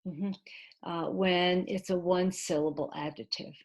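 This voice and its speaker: Slow, patient woman teaching a class. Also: lowish voice, fairly even intonation. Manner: slow, patient explaining with many fillers and pauses; mixes in Mandarin glosses for the class. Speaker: ESL teacher. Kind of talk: online class lecture.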